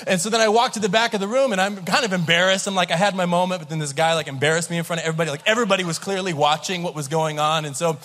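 A man in his thirties preaching a sermon, telling a story with lively acted-out voices and laughter. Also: high voice, racing, hardly any pauses. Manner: animated storyteller, acts out voices, laughs along. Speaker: pastor. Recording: large hall with long reverb.

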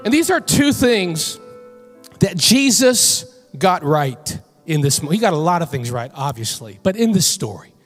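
A woman preaching a sermon in church. She tells a personal story in an animated way and builds to emphatic calls to her listeners. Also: lowish voice, measured pace, soft background music. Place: church sanctuary.

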